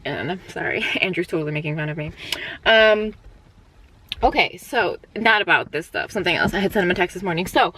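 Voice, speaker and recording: A woman's voice: lowish voice, lively intonation, brisk, a bit bright, a little hiss or hum. A young woman talking casually to the camera in a beauty vlog, chatty and rambling, with lots of fillers and small laughs. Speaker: beauty vlogger. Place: at home.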